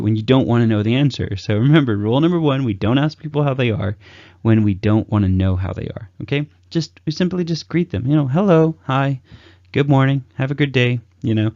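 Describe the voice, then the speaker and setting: A man's voice: lowish voice, dark tone, dry recording. A man giving casual talk-style advice on conversation, chatty and loose with many fillers, acting out upbeat sample greetings. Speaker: communication advice host. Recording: dull lo-fi dry recording.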